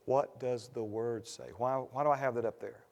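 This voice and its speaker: A man's voice: mid-range voice, steady tone, normal speed, a little mellow. A man preaching a sermon as pastor, building to emphatic bursts and repeating refrains. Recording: long hall reverb.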